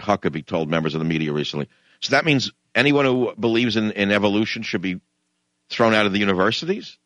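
A middle-aged man hosting a radio talk show, delivering a combative, sarcastic monologue that swings from mutters to loud, animated bursts. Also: on the low side, fast, no room sound, highs cut off.

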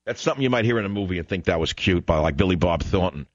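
A male talk radio host who rants in a sarcastic, combative way. His low voice swings widely in pitch as he works himself up. The sound is dry and slightly dull, like a lo-fi broadcast. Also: lively intonation, rapid-fire, dry recording.

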